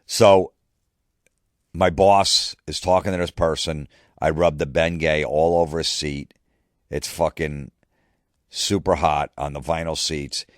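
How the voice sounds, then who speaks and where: A man with a low, deep voice telling a funny story, loose and rambling, dropping swear words along the way. The sound is dry and close, with no room around it. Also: fairly even intonation, slow pace, long pauses, no room sound. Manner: casual, profane, rambling. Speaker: comedian podcast host. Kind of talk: comedic storytelling.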